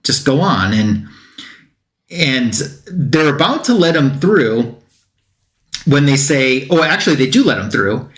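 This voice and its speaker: A man's voice: mid-range voice, big pitch swings, slow pace, pauses often, fairly bright tone, echoey room. A man on a comic book talk show retelling a plot in a casual, rambling way, with fillers and quotes that he acts out.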